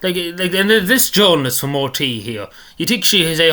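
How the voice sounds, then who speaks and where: A man's voice: on the high side, very animated, moderate pace, few pauses, bright, forceful tone. A man giving rambling, indignant commentary on a video clip, repeating himself often. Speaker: political commentator.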